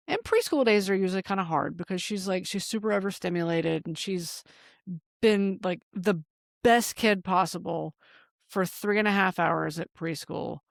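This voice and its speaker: A woman in her thirties co-hosting a casual podcast, recounting a story with animated, swearing energy. Her voice has a gravelly edge. It is recorded dry and close on a studio mic. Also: mid-range voice, dry recording. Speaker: podcast co-host. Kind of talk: casual chat.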